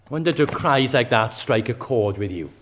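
A man's voice: medium pitch, lively intonation, moderate pace, slight background noise. A man preaching a sermon, speaking with passion and often asking rhetorical questions of his listeners. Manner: impassioned, rises to cries in quoted prayers.

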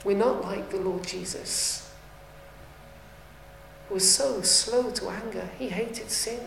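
A woman's voice: medium pitch, slow pace, creaky, slight background noise. A woman preaching a sermon, earnest and rising to fervent appeals. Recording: echoey room.

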